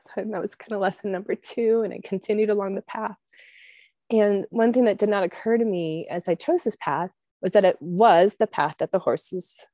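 A woman tells a personal faith story in an easy, conversational way. She leans on casual fillers and laughs at herself now and then. Her voice sits at a middling pitch, and the recording is close and dry with little room sound. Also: no echo. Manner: conversational and expressive, frequent "like" and "you know", laughs at herself. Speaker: speaker sharing a faith testimony.

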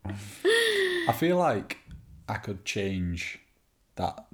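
A man's voice: fairly low pitch, wildly swooping pitch, very slow, a bit bright, husky. A man with a Wigan accent, co-hosting a podcast in casual, joking banter. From Wigan, England. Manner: joking, bantering, self-mocking. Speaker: podcast co-host. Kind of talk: casual chat.

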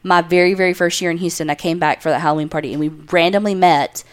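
A woman co-hosts a podcast in casual conversation. Her voice is smooth and clean. She talks in an easygoing way and drops wry little asides. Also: lowish voice, steady tone, fast talker. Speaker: podcast co-host. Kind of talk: casual chat.

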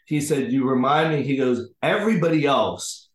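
A man's voice: medium pitch, normal speed. Man telling a story in a roomy room. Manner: animated storyteller acting out the people in his stories. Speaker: podcast guest. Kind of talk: casual conversational storytelling.

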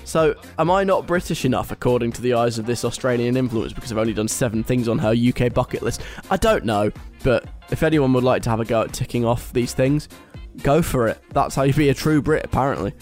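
A man's voice: mid-range voice, quick pace, hardly any pauses, a little mellow, faint music behind. A young British man hosting a radio show, reading a list aloud and mocking it in a chatty, wry way. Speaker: radio host. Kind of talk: casual radio talk.

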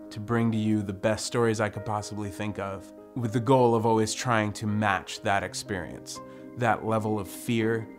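A man telling a dramatic ghost story in a suspenseful style, building to excited rushes and humming his own sound effects. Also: lowish voice. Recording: music bed under the voice.

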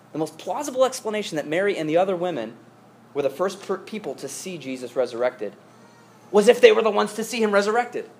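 A man's voice: a little high, darkish tone, slight background noise. A male pastor giving a sermon in a conversational storytelling manner, with frequent asides and restarts.

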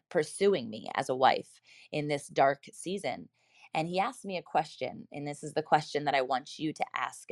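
A woman's voice: low-pitched, no echo, studio quality. A woman in her thirties telling a personal story in an earnest, reflective way, speaking directly to her listeners.

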